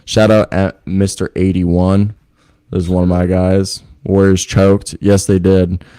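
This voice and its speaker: A man's voice: sits low, flat delivery, a little slow, warm tone, clear, resonant tone, no echo. A young man co-hosting a podcast in casual, rambling chat, joking, laughing often and swearing, recorded over a remote streaming call. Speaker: podcast co-host. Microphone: remote video call streaming setup.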